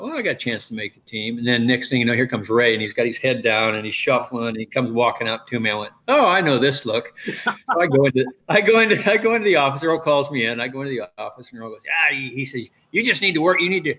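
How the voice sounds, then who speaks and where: A man in his sixties, a former pitcher and guest, telling stories in a rambling way with many restarts. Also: lively intonation, quick pace, sharp tone. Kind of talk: casual interview storytelling. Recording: dull lo-fi audio.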